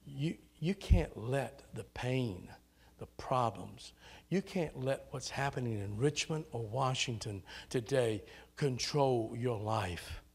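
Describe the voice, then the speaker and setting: A man's voice: mid-range voice, lively intonation, slow, slightly rough. A man preaching a sermon in a church with a Southern American accent, rousing and calling out to the congregation. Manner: rousing preacher, rising to shouts on key lines. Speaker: pastor. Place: church sanctuary.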